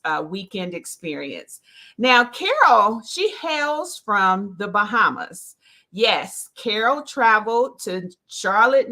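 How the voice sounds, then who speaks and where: A woman's voice: medium pitch, sharp tone. A woman with a Southern accent, a success coach and podcast host, talking on her own live stream in an earnest way about faith and encouragement. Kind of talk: solo live stream talk.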